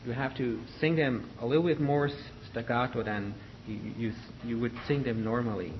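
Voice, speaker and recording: A man directing a choir rehearsal, giving patient, halting instructions on how to sing each line. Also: mid-range voice. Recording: dull lo-fi recording with faint noise.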